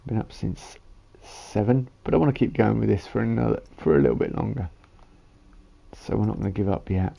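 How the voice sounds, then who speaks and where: A man's voice: lowish voice, expressive, fairly quick, gravelly, dark tone. A tired man giving casual commentary on a game he is streaming from home, muttering to himself as he builds. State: tired, yawning.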